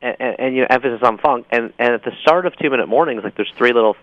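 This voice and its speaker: A man, an author calling in to a talk show, explaining his ideas with upbeat enthusiasm and quick jokes. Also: mid-range voice, a bit bright, dry recording. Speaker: author guest. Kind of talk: call-in interview. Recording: dull dry phone-in line.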